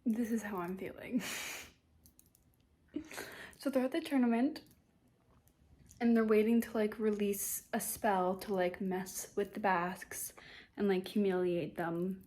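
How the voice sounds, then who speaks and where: A woman's voice: mid-range voice, steady tone, a little slow, pauses often, dark tone. A young woman casually summarizing and reviewing a book at home, chatty and sarcastic, with lots of filler words. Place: home with a cat nearby.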